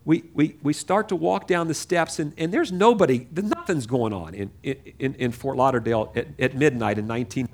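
A man in his sixties telling a personal faith story in a rambling, chatty way as a preacher. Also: a little high.

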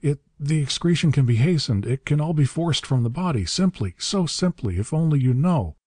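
A man's voice: on the high side, animated, normal speed, darkish tone, husky, no echo, studio quality, pitched above the performer's own voice. A man voicing a small, white-haired old villain who stammers and pleads, reading from a storybook. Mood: panicked. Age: older.

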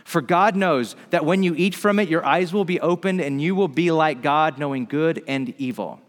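A man with a fairly high voice preaching a sermon in a big echoing hall. He tells the story with lively energy and acts out each quote as he goes. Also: moderate pace. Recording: long hall reverb.

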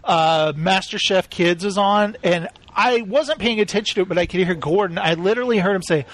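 A man hosting a casual podcast, telling animated stories and slipping into quick voice impressions. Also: high-pitched. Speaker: podcast host.

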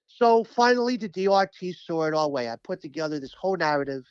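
A man speaking as a union representative, telling stories in an animated, emphatic, profane way during a casual interview. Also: fairly high pitch, brisk, clear, resonant tone, dry recording, muffled recording.

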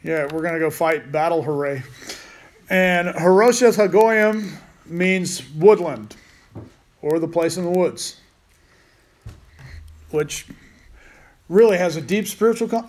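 A man's voice: high voice, unhurried, long pauses, darkish tone. A man teaching a Bible study in a casual way, with rambling, joking asides.

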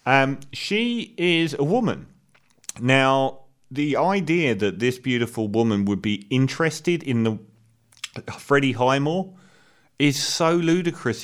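A man in a casual film review, with a voice sitting at an ordinary middle pitch. He talks in a candid, opinionated way, stumbling over fillers and restarting sentences as he works out his verdict. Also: clear, resonant tone. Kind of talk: casual spoken movie review.

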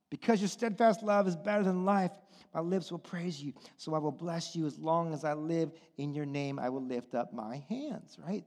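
A male pastor preaching a sermon, swinging from hushed, intimate lines to impassioned, near-shouted exhortations. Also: high voice, moderate pace. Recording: long hall reverb.

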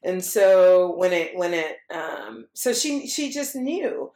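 A woman from Texas in casual conversation, animated, acting out voices in her stories and laughing as she talks. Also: lowish voice, slow, roomy sound. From Texas, USA. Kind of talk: casual chat.

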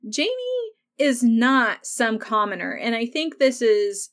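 Slow, chatty woman podcast host. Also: on the high side. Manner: chatty, laughs often, animated asides. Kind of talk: casual show recap.

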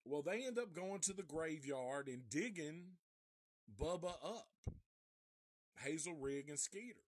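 A man casually reviewing a horror film live, retelling the plot in a profane, animated way. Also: fairly high pitch, measured pace, no echo, studio quality. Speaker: movie reviewer.

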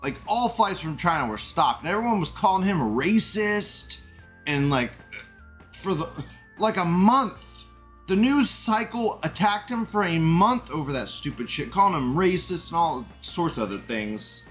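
A man with a slightly high voice hosts a casual live stream, reading out chat messages and riffing on them. He rambles and gets indignant, swears freely and breaks into laughs, with faint music under his talk. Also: expressive, measured pace, a bit bright.

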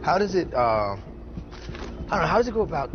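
A pushy, insistent reporter stumbles through his pointed questions with a lively, rising and falling delivery. The film audio is dull and muffled, with steady room ambience underneath. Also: on the high side, noisy background. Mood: pressing. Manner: insistent, halting. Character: pushy male reporter pressing hard questions. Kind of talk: film dialogue clip.

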